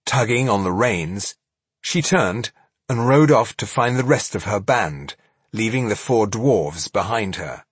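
A man reading fantasy fiction aloud as an audiobook narrator, with dramatic, measured storytelling. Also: fairly low pitch, lively intonation, slightly rough, no echo.

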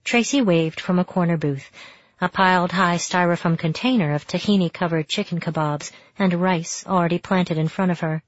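A woman with a lowish voice reads a novel in the first person, steady and reflective. The sound is dry and a bit dull, with no room around it. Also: normal speed, no room sound. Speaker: audiobook narrator.

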